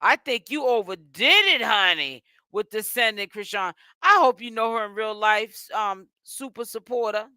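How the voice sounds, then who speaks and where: A woman hosting a casual gossip commentary vlog in a sassy, chatty way, tired and yawning as she goes. Her voice is bright and forceful and sits on the high side. The sound is close and dry. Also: expressive, normal speed, few pauses, clear, resonant tone, no echo. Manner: sassy and chatty, calls listeners honey and child. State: tired, yawning while fasting. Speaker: host.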